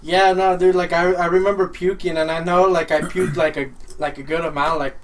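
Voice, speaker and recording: A young man in casual chat with his friends. His voice is notably high, and he keeps laughing as he talks. He tells his stories loosely, full of filler words. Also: little pitch movement, fairly quick. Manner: laid-back, laughs often, many fillers. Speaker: podcast regular.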